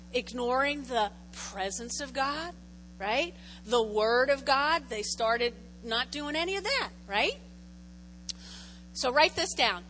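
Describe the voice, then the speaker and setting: A woman teaches a Bible lesson with real animation, acting out the people in the story and turning to her listeners with questions. Her voice sits high and bright. A long hall reverb and a faint hum hang behind her. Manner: animated, acts out voices, asks the audience questions. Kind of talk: lively Bible lesson to a group.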